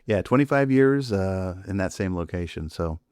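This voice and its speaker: A man guesting on a podcast, talking haltingly and searching for his words. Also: sits low, lively intonation, darkish tone, smooth, dry recording, studio quality. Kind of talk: casual podcast chat.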